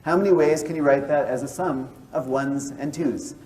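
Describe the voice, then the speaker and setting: Man, mathematician lecturing, step-by-step explanations, mellow voice, distant mic. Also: on the high side, normal speed, slight background noise. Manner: explains step by step, checks in with "right?".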